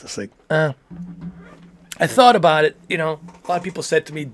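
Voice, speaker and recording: A man's voice: fairly high pitch, fast talker, slight background noise. A man in his forties hosting a livestream, talking about TVs in a loose, rambling, friendly way with plenty of slang. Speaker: livestream host answering TV questions. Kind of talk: casual livestream chat.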